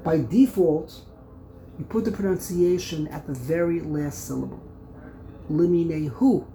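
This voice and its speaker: Guy giving a torah class, gravelly voice, keeps repeating words as he thinks, punches out syllables, bit of faint room noise. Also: a little high, normal speed, poor audio. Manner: thinks aloud, repeats words while explaining; sounds out syllables with sudden loud stress. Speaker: Torah teacher. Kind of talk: Bible lesson explaining commentaries.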